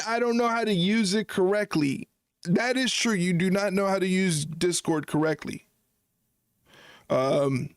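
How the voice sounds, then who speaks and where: A man's voice: high-pitched, clean tone, no echo. A man hosting a casual wrestling watchalong livestream, joking and rambling as he corrects himself. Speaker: podcast host.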